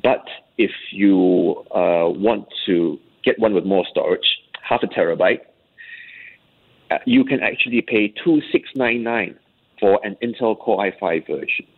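Man, lowish husky voice, chatty tech commentator, heard over a phone line. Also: measured pace. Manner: chatty, explanatory. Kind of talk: conversational tech chat on air. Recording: tinny phone-line sound.

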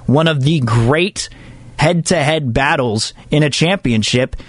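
Sports radio guy, kinda high voice, dry close mic, rambles and restarts a lot. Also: dry recording. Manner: chatty, rambling, frequent restarts. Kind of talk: sports talk show monologue.

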